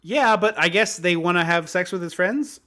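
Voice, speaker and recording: A man's voice: high voice, lively intonation, normal speed, bright, forceful tone. A man co-hosting a podcast, giving emphatic, opinionated takes on a movie in casual chat. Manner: emphatic and opinionated, mocking impressions. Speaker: podcast co-host.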